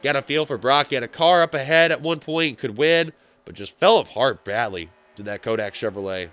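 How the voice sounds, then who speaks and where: A man giving play-by-play commentary on a simulated stock car race, getting excitable as the finish nears. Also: medium pitch, a little fast, no echo. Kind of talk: play-by-play sim racing commentary.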